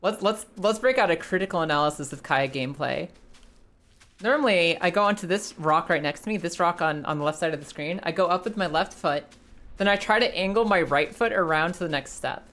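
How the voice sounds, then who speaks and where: A woman's voice: fairly low pitch, expressive, brisk, fairly bright tone. A young woman casually chatting to her live chat while playing a game, swearing now and then. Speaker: streamer. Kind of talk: live gameplay commentary.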